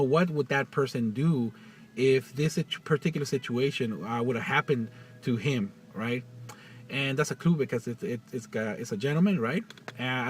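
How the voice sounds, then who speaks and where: Guy vlogging, choked up, lots of stops and restarts, sounds a bit far off, faint music. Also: mid-range voice. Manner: halting, many restarts and fillers. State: choked up, near tears. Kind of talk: personal vlog monologue.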